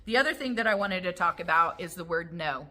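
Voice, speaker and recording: Bright-voiced lady walking you through dog training basics, chatty and practical, does little demo calls to the dog. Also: on the low side, expressive, a little fast, a little hiss or hum. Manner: explanatory, acts out calls to the dog. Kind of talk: instructional talk.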